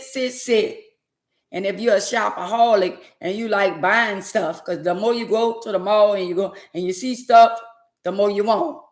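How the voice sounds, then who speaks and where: A woman casually telling viewers a story, lively with preachy asides in dialect speech. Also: mid-range voice, echoey room.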